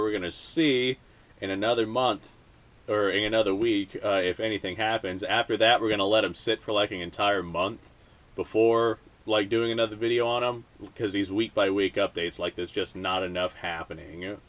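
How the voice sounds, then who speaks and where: A man's voice: fairly low pitch, fairly bright tone. A man hosting a casual vlog, rambling with lots of filler words, laughing easily and cursing now and then. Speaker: video host.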